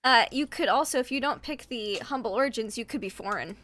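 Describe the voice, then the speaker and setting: A woman's voice: on the high side, a little fast, a bit bright, a little hiss or hum. A woman chatting playfully as a player while planning a tabletop game, teasing and laughing often.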